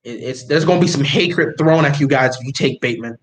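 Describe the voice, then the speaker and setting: A young man livestreaming his reactions, chatting casually and getting excitable, pleading and repeating himself. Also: medium pitch, brisk. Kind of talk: casual live reaction chat.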